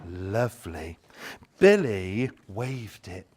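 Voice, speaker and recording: Guy running a seminar demo, super expressive pitch, slow and drawn out, playful and teasing. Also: slight background noise. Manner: theatrical, playful, teasing volunteers with exaggerated delight. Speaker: education trainer leading a seminar. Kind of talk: lively workshop demonstration with volunteers.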